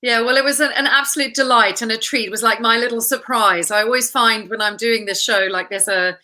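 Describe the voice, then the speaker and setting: Bright-voiced, effusive woman host. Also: a little high, fairly even intonation, brisk, low-quality recording. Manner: effusive, complimentary. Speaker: host, interviewer. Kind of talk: interview chat.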